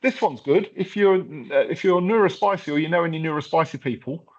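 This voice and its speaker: A man's voice: fairly high pitch, a little fast. A man presenting a hands-on workshop, talking casually through a live tech demo with lots of fillers and restarts. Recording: slightly dull lo-fi sound.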